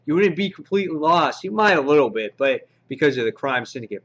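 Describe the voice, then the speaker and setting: A man giving a casual, slangy spoken review of a comic book, excitable and quick to act out his own reactions. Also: a little high. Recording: dull lo-fi recording.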